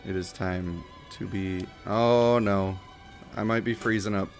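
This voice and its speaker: A man's voice: low-pitched, fairly even intonation, a little slow. Joking, chatty male game streamer. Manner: joking, chatty, slips into silly voices. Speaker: live streamer. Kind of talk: casual gameplay commentary. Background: game music.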